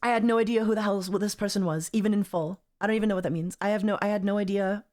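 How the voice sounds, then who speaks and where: A woman streamer reacts during casual livestream commentary, rambling, exasperated, and repeating herself. She talks fast with hardly any pauses, in a medium-pitched, fairly even, slightly mellow voice.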